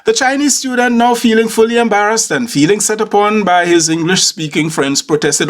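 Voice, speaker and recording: Formal man, lively delivery. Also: sits high, brisk, hardly any pauses. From Caribbean. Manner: formal, precise diction. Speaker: podcast host. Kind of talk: humorous scripted monologue.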